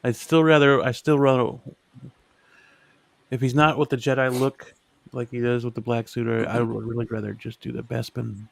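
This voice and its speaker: A man in a relaxed group chat, giving frank opinions about collectible figures. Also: medium pitch, normal speed, gravelly, dry recording.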